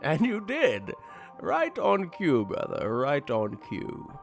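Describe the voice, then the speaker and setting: A man playing a slow, menacing masked killer. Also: mid-range voice, gravelly, faint music behind, pitched above the performer's own voice. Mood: gleeful. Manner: slow, flat and menacing, rising into glee. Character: cold gleeful masked male serial killer.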